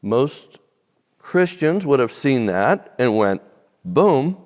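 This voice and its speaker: A man telling a faith testimony as an interview guest, animated and then dropping soft and low at tender moments. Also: slow pace. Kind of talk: storytelling testimony. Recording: long reverb.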